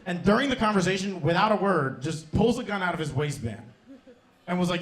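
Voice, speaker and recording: Young guy doing stand-up, kinda high voice, swears a lot, cracks himself up, club mic. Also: expressive, fast talker. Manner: loose, profane, laughs at his own lines. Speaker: stand-up comedian and host. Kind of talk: stand-up comedy set. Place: comedy club stage.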